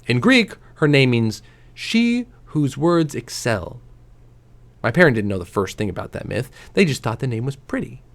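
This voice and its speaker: A man reading a novel aloud to his stream, giving quoted lines lively voices and dropping soft and low on the quiet ones. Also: moderate pace, creaky. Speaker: reader.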